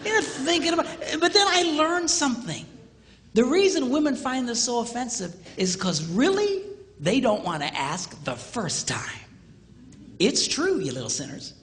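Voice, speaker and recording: A man's voice: very high voice, moderate pace, long reverb tail, slight background noise. A man preaching, a pastor telling a humorous story and acting out the dialogue. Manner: animated, acts out quoted dialogue, jokey.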